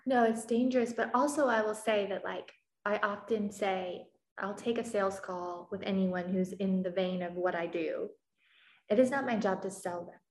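A woman's voice: medium pitch, steady tone, moderate pace, a little mellow, echoey room. A woman raised in the Midwest, working as a coach, talking candidly and telling stories in casual conversation. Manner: candid, storytelling with acted quotes.

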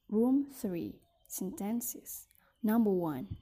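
A woman leading a pronunciation drill, carefully enunciating each word and sentence in an even, measured way. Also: mid-range voice, slight background noise. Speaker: pronunciation teacher. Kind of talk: slow, deliberate pronunciation drill.

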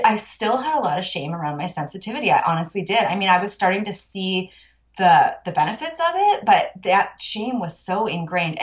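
A woman life coach telling her personal story in a casual, earnest way, with lots of fillers. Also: medium pitch. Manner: earnest and emotional, filler-heavy with many "like"s.

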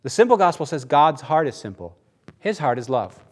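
Man giving an animated, joking sermon. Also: on the high side, brisk, slightly rough. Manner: animated, laughs and jokes mid-sentence. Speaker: preacher. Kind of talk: conversational sermon.

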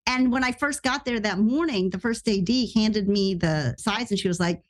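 A woman guest on a podcast, telling an anecdote animatedly and acting out the voices in it. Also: normal speed. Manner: expressive, acts out quoted lines with big pitch jumps.

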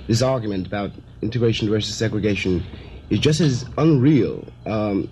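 A man gives a considered argument as a guest in a televised debate, pausing now and then to find his words. His voice is dark and mellow. The archival recording is dull, with a faint hiss. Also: on the low side. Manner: thoughtful, measured, some "um" pauses. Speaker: panel guest.

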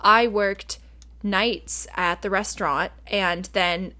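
A woman's voice: mid-range voice, fairly even intonation, takes it slowly, sharp tone. A woman co-hosting an advice podcast in a casual chat. She talks earnestly and chattily, with frequent "like"s. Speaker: podcast co-host.

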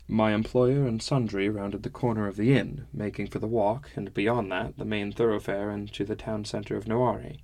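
A man narrating a first-person fantasy novel in a measured, wry storytelling manner. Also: fairly low pitch, darkish tone. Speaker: audiobook narrator.

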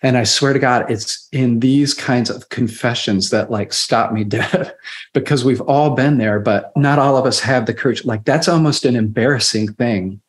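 A man's voice: medium pitch, moderate pace. A man co-hosting a podcast interview, who speaks in a reflective, admiring way. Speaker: podcast co-host.

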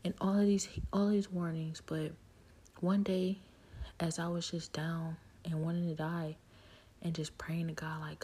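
A woman telling a personal spiritual testimony in an intimate, halting way, often sinking into a near whisper. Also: lowish voice, flat delivery, mellow, husky. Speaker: speaker sharing her story.

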